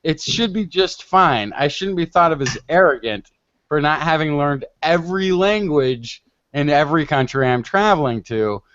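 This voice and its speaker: An American man who hosts a podcast, arguing in a lively, animated way and cutting in often. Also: a little high, normal speed, slight background noise. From United States. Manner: animated, argumentative, interrupting. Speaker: podcast host. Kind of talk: lively debate. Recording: dull lo-fi dry sound.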